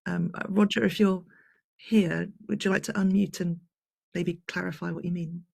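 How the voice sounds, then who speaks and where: A workshop moderator on a video call, relaxed, reading questions from the chat. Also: medium pitch, normal speed, creaky, husky, dry recording, low-quality recording. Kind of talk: moderating online Q&A.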